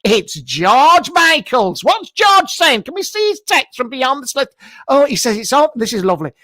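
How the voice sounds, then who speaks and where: A man performs a brash, camp psychic medium hosting a live stream from his garage, crude and teasing. The voice sits high and swoops about with lively energy. The sound is dry and close, like a computer mic. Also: no echo, exaggerated voice. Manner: bawdy, teasing, breaks into frequent laughter. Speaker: host of a live psychic comedy show. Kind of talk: improvised live-stream comedy character. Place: double garage at home.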